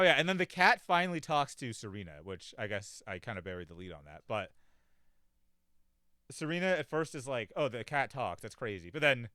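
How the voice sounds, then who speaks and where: Young guy rambling about a cartoon, bright clear voice, bouncy pitch, dry close mic. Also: no room sound. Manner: rambling, lots of "like", swears, mimics characters. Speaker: podcast host reviewing a cartoon. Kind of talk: casual chat.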